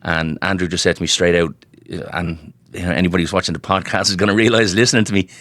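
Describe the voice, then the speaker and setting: A man's voice: low voice, steady tone, fast talker, a bit bright, dry recording, studio quality. A middle-aged Irish man, a guest comedian, telling rambling anecdotes in casual chat, full of restarts and "you know". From Ireland. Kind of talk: casual storytelling.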